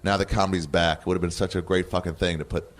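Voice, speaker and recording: An American man in his thirties, a comedian chatting in an interview. His voice sits low, and he tells stories with lots of swearing and frequent laughter, jumping into other people's voices. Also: quick pace. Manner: animated storyteller, acts out quotes, laughs often, swears. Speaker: comedian guest. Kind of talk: casual interview chat.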